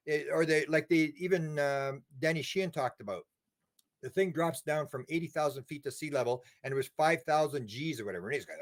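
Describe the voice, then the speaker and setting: An older man, a guest in a casual interview, telling animated stories with many restarts and repeated words. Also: mid-range voice. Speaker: interview guest, UFO researcher.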